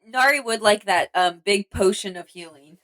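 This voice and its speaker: A woman's voice: mid-range voice, normal speed, a bit bright. A woman playing a tabletop game, chatty and playful with the table. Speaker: player. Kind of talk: casual tabletop play.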